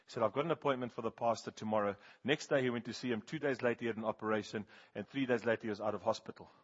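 A man preaching a sermon, telling animated stories and swinging from loud bursts to hushed, slow appeals. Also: lowish voice, husky. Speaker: pastor. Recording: dull, muffled sound.

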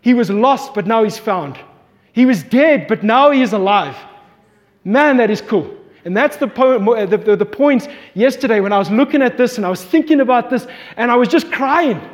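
High-voiced man preaching in a hall. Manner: storytelling, acts out voices in quotes. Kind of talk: sermon. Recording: long hall reverb.

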